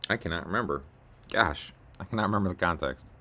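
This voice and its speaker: A man's voice: deep voice, fast talker, pushed and bright. A man casually rambling through a video blog, muttering to himself, mocking himself, and narrating as he scrolls and clicks. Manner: meandering, self-mocking, mutters while scrolling. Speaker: video blogger. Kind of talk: casual rambling screen-share monologue.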